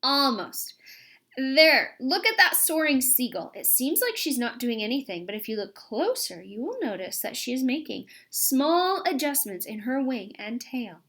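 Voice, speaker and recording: A woman voicing a female robot mother in a storybook, speaking in a flat, measured, matter-of-fact way. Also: high voice, full character voice. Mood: patient.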